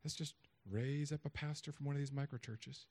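Animated, joking male preacher. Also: a little high, a little fast. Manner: animated, swings from loud emphatic peaks to quiet asides; conversational and joking. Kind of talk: sermon.

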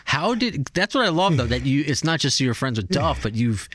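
A man hosting an interview, asking questions haltingly with fillers. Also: medium pitch, sing-song, fairly bright tone, no room sound. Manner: hesitant, fills pauses with "uh". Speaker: interview host. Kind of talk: casual interview.

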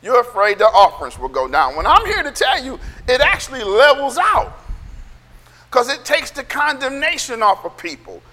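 Male pastor preaching, loud and nearly yelling, with a bright and very high voice. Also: sing-song, moderate pace, big-room sound. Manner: loud, emphatic, sounds like yelling; calls for amens from the congregation. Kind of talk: sermon.

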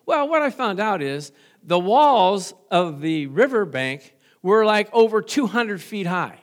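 Middle-aged male pastor, high voice, folksy, jokey sermon delivery with amen call-outs. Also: big pitch swings, unhurried. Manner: folksy, joking, asks the congregation for amens.

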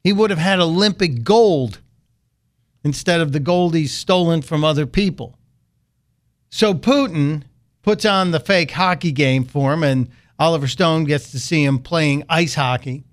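A man's voice: on the high side, unhurried. Sarcastic talk radio host, man. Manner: sarcastic, mocking. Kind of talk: political talk radio monologue.

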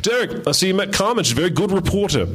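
A man's voice: sits high, very animated, rapid-fire, fairly bright tone, slightly rough, pitched above the performer's own voice, exaggerated voice. A man voicing a laid-back Australian man in his forties, in a put-on Australian accent, rambling and chatty. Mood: rambling friendly.

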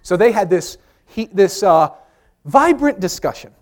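A man preaching a sermon, telling lively personal stories, acting out voices loudly and often repeating words as he restarts. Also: sits high, measured pace. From New York. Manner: animated storyteller, acts out voices loudly. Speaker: pastor. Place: church sanctuary.

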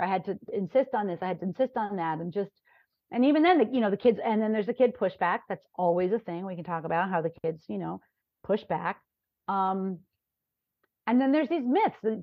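A woman's voice: medium pitch, no echo. New york woman prof on a podcast, chatty storyteller, keeps saying right?, dull muffled audio. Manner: lively storyteller, often checks in with "right?". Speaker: guest, linguistics professor. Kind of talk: conversational interview. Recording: dry, dull lo-fi remote recording.

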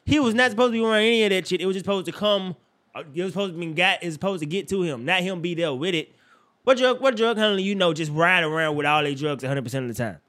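A young man co-hosting a casual chat, animated and profane with loud outbursts, sounding tired. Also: high-pitched, rapid-fire. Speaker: podcast co-host.

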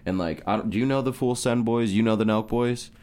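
A man's voice: mid-range voice, brisk, a little mellow. A man in casual podcast chat, laid-back and encouraging.

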